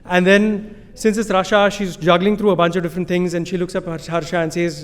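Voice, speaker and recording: Speaking briskly in a high voice with flat delivery, an Indian-accented man in his thirties shares a personal story from a big hall's stage. His humor is amused and self-deprecating, broken by frequent chuckles, and the live room echoes with long reverb.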